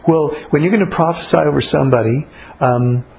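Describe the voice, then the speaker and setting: A man teaching about prayer in a relaxed, conversational way, blunt and colloquial. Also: a little high, fairly quick, vocal fry, slight background noise, poor audio. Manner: blunt, colloquial, acts out little spoken exchanges.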